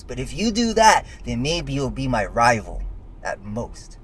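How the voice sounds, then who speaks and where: A young man co-hosting a casual podcast, boastful and intense, swearing constantly, turning low and brooding when he reflects. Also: very animated, unhurried, slight background noise. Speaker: podcast co-host.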